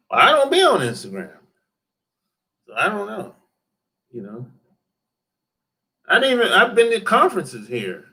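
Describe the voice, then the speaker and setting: A man's voice: on the high side, sharp tone. A man, chatting loosely with livestream viewers, rambling, repeating himself and swearing. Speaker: dating advice YouTuber. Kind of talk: casual livestream chat answering viewers. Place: home in Atlanta.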